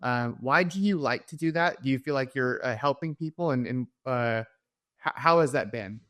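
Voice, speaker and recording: A man's voice: medium pitch, moderate pace, fairly bright tone, dry recording, studio quality. A man hosting a casual podcast interview, easygoing and agreeable, often chiming in with short affirmations. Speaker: podcast host.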